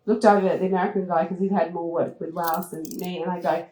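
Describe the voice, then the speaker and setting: Animated woman storyteller in a roomy hall. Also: quick pace, slight background noise. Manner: lively, laughs often, acts out moments with high squeals. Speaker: travel TV host giving a talk. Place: event room at a retreat.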